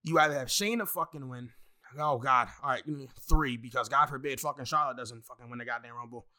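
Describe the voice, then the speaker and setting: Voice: mid-range voice, fast talker, sharp tone. A wrestling fan in a casual, profane rant full of exasperated asides and heavy swearing.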